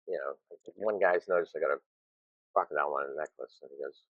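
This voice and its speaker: A man's voice: very deep voice, fast talker, vocal fry, dry recording, phone-quality sound. A man in his sixties, a retired zookeeper, telling rambling anecdotes with self-deprecating chuckles in a casual interview. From United States.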